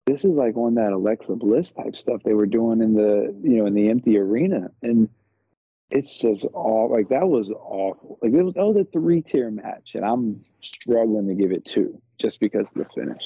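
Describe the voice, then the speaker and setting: A man co-hosting a wrestling podcast, incredulous and animated, his pitch leaping around as he retells the show. His voice is husky and mellow. The recording is dry and dull, like a lo-fi mic. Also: normal speed, no echo. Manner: animated, incredulous, laughs while telling. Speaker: podcast co-host. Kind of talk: casual wrestling recap chat.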